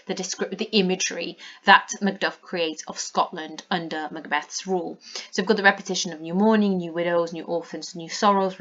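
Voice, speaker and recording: A woman's voice: lowish voice, a bit bright. A woman English teacher, explaining a play for exam revision, with frequent fillers. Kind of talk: revision lesson, annotating a play. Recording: dull lo-fi recording.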